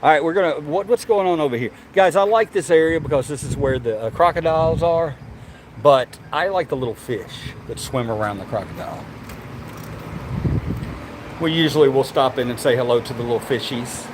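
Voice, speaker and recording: A man with a drawl talks in a loose, chatty way, addressing his viewers and the animals as he goes. He records on a handheld phone outdoors, and his voice sits at an ordinary middle pitch. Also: lively intonation, a little fast, very noisy. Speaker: vlogger. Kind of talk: casual walking vlog. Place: outdoors at a zoo.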